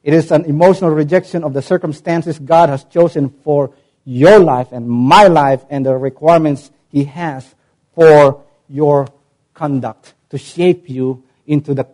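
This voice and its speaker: A man preaching a sermon as pastor, teaching with emphasis, stressing key words and slowing down to read verses aloud. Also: fairly high pitch, fairly even intonation, darkish tone. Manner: spells out words and gives examples.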